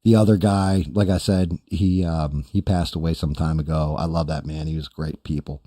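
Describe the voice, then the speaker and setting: Low mellow-voiced man, casual podcast storytelling, rambling and profane, dry close sound. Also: fairly even intonation, moderate pace, no echo. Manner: rambling, profane anecdote-telling with acted-out quotes. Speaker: podcast host.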